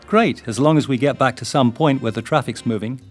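A man's voice: medium pitch, fairly quick, faint music behind, natural voice. Older Englishman voicing his polite young English self, careful questioning tone.

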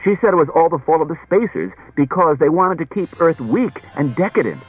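A talkative, fretful wife who wanders all around her story, her voice lifted high and swinging up and down, as a male reader puts her on. The recording is dull and lo-fi, with faint music behind. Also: expressive, a little fast, slightly rough. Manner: rambling, circuitous storytelling. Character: chatty anxious wife, adult woman.

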